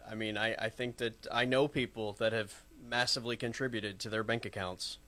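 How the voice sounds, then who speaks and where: A man co-hosting a sports talk show, casual and wry, with quick short reactions. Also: fairly low pitch, steady tone, bright, forceful tone.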